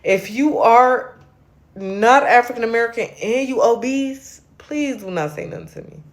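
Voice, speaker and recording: A woman's voice: fairly high pitch, lively intonation, moderate pace. A woman hosting a late-night livestream, ranting at viewers in a brash, profane and confrontational way while a little tipsy. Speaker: livestream host.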